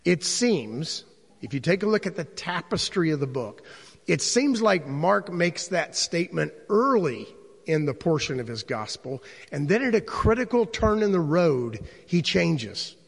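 A man's voice: on the high side, sing-song, measured pace, creaky, slightly rough. A man teaching a Bible class in a conversational way, posing rhetorical questions to his listeners. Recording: long reverb in a large room.

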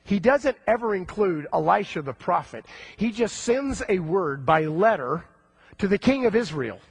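A male preacher with a fairly high, gravelly voice tells a story with lively, acted-out voices. His tone is husky, and the sound is dry and close. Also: moderate pace, no echo. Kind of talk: sermon.

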